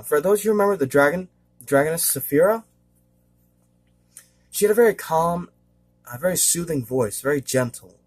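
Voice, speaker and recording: Man, casual vlog, husky, lively up-and-down pitch, rambling, hesitant, throat-clearing. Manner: rambling and hesitant, many fillers. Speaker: vlogger. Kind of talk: casual monologue.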